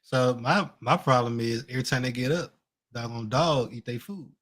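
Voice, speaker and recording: Laid-back joking dad, casual chat. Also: male voice, medium pitch, normal speed, fairly bright tone. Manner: laid-back, joking, loose Southern-style speech. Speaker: podcast co-host.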